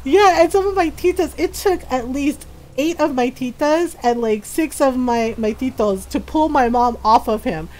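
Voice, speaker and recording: A woman streamer telling a family story in a casual, animated way, often laughing between lines. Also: sits high, normal speed, hardly any pauses, poor audio. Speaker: game streamer.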